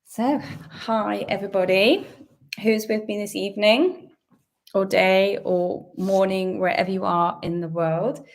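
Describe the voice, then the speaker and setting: A British woman with a mid-range voice, slightly croaky from a sore throat, hosts a chatty, upbeat live-stream Q&A from her home. She greets her viewers at a measured pace.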